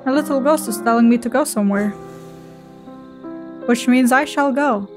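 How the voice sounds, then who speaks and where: A woman's voice: on the high side, moderate pace, music in the background. A woman giving casual let's-play commentary, swearing and venting in an exasperated, mock-dramatic way. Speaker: gameplay streamer.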